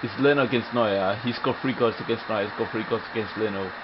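A young man giving live, excitable gameplay commentary, often frustrated and swearing at the game. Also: fairly low pitch, fast. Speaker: gamer. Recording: muffled recording with faint hum.

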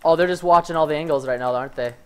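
A man giving live commentary over his own gameplay, excitable and prone to yelling, with "fudge" in place of swear words. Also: on the high side, racing, clear, resonant tone. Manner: excitable, yells when hyped, says "fudge" instead of swearing. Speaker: gaming streamer.

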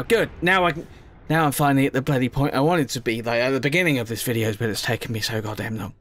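A man's voice: medium pitch, fast talker, faint music behind. A young man giving rambling, self-mocking commentary as he plays a video game. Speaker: gaming YouTuber. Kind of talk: casual gameplay commentary.

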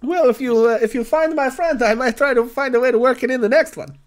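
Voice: high-pitched, fast, pitched above the performer's own voice, close to an everyday voice. GM as a timid male writer, hesitant and wordy. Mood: flustered. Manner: hesitant, flustered, full of fillers.

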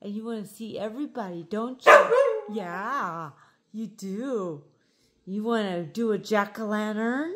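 A woman talking to her dog in sing-song baby talk, coaxing and gasping with excitement. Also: mid-range voice, unhurried. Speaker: pet vlogger.

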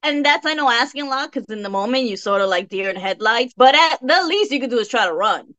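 A woman's voice: fairly high pitch, animated, fast, bright, forceful tone, recorded from a distance. A woman guest co-host in casual podcast chat, asking skeptical questions.

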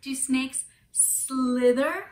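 A woman's voice: high voice, very slow, echoey room, very noisy. A woman teacher reading a picture book aloud to children, asking them questions and gasping for effect.

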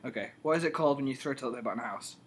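A man's voice: medium pitch, very fast, breathy edge. A young man from England with an English accent, casually reading out words in a playful, teasing way for an accent challenge video. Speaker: video co-host.

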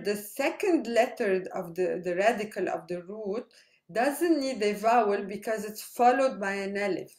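A woman teaching a language lesson, spelling out syllables slowly and checking in with "right?". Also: mid-range voice, darkish tone. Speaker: Arabic teacher. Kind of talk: slow explanatory lesson. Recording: echoey room.

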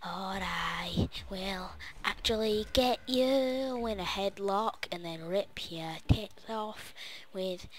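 A young man voicing a scary bald male schoolteacher who makes slow, quiet threats, half whispered. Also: sits high, slight background noise. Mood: menacing. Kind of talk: gaming commentary impression.

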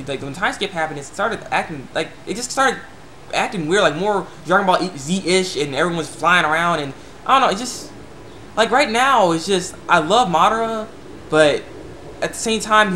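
A young man vlogging casually, rambling with frequent stammers and restarts, breaking into quick excited bursts. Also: high voice, a little hiss or hum. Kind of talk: casual opinion rant to camera.

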